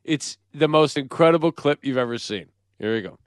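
A man co-hosting a sports podcast, setting up clips with animated, joking storytelling. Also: a little high, a little fast, clean tone, dry recording, studio quality. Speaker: podcast co-host. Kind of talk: casual chat.

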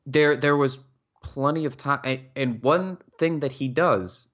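A man's voice: medium pitch, measured pace, fairly bright tone, dull audio. A young man co-hosting a podcast, ranting heatedly in casual sports talk and swearing freely. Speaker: podcast co-host.

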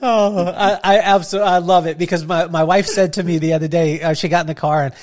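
A man with a notably high speaking voice hosts a relaxed podcast conversation. He jokes around, spins playful stories and laughs easily between questions. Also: fast talker. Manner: jokey, storytelling, laughs often. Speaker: podcast host. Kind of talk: casual interview chat.

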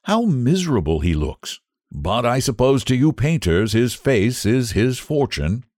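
A man voicing a kind, carefree young gentleman who speaks earnestly and sympathetically. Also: mid-range voice, big pitch swings, measured pace, no echo, clean studio sound, voice pushed up. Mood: curious.

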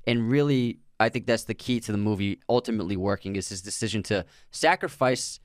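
A man's voice: on the low side, a little fast, no echo, clean studio sound. A man co-hosting a casual movie podcast who talks thoughtfully and often restarts his sentences. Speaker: podcast co-host.

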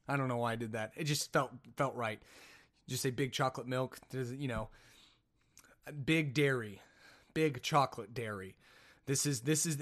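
A man's voice: medium pitch, fairly bright tone. A man hosting a casual solo podcast, telling a rambling story full of jokes and self-mocking asides. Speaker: podcast host.

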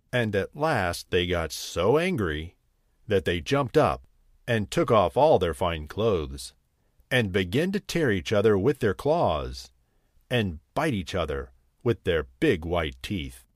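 A man reading a children's story aloud in a slow, lively, sing-song manner. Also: fairly low pitch, no room sound, studio quality.

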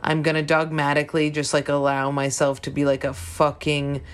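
A woman's voice: low voice, monotone, moderate pace. A young woman chatting casually on a podcast, rambling with restarts and casual swearing. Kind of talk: casual chat.

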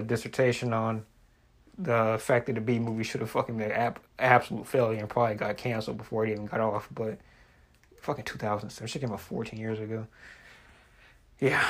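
A man in a casual, profane comedic rant who rambles, restarts his sentences and swings between loud animated bursts and mumbled asides. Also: mid-range voice. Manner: rambling, swears constantly, trails off and restarts. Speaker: online content creator.

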